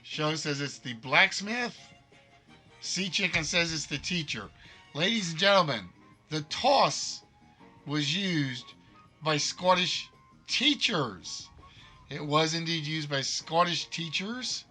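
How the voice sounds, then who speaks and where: A man hosting a live-streamed quiz game, reading questions slowly and repeatedly and teasing the players and chat playfully. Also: on the high side, expressive, pushed and bright, breathy edge, soft background music. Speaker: game show host.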